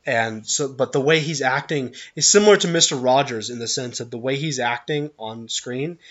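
Casual rambling podcast guy, muffled. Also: mid-range voice. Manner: relaxed, rambling storytelling with many restarts. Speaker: podcast co-host. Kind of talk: casual chat.

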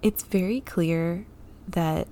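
A woman co-hosting a casual book talk, with a lower voice and a wry, laughing way of giving recommendations. Faint background noise sits under her voice. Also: takes it slowly, mellow. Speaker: podcast co-host. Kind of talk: casual chat about books.

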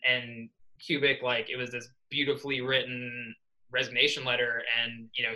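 A man's voice: mid-range voice, poor audio. A young man from New York, a swim coach, telling a story in a casual podcast interview and acting out the dialogue. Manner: animated, acts out quoted dialogue. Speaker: assistant swim coach, guest. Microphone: podcast microphone.

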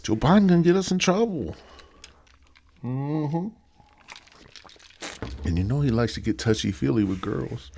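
A man's voice: medium pitch, lively intonation, a little slow, vocal fry, long pauses, darkish tone, a little hiss or hum. A man hosting his own podcast, rambling and joking in a profane, casual monologue. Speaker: podcast host.

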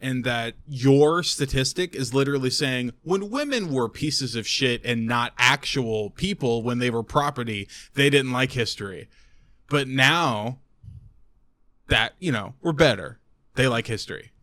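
A man's voice: mid-range voice, measured pace, fairly bright tone, no echo, clean studio sound. A man co-hosting a casual podcast chat, telling stories bluntly and teasing his friends. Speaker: podcast host.

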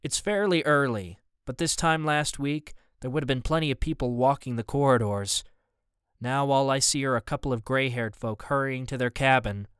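Smooth-voiced male audiobook narrator. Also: medium pitch, normal speed, fairly bright tone, no room sound, clean studio sound. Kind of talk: first-person scripted narration.

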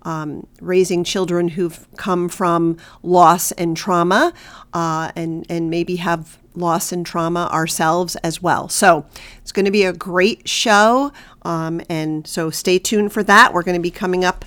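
A woman hosting a faith-based podcast, her voice stuffy and nasal as she recovers from illness, earnest and halting with many fillers. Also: lowish voice, fairly even intonation, fairly bright tone, clean tone. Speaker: podcast host.

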